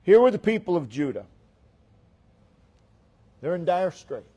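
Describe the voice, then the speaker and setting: Slow, high-voiced preaching man. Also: big pitch swings. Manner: preaching with swelling emphasis then dropping to near-hushed lines; repeats phrases in a slow rhythmic cadence. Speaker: pastor. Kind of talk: sermon.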